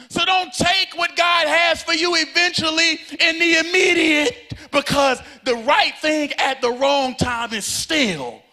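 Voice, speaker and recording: Preacher, male, sermon delivery; very high, piercing voice, repeats his lines, sing-song whoop. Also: a little slow, few pauses, bright, forceful tone. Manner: fiery preaching that swings into a sung, whooping cadence; repeats lines, calls out to the congregation. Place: church sanctuary before a live congregation.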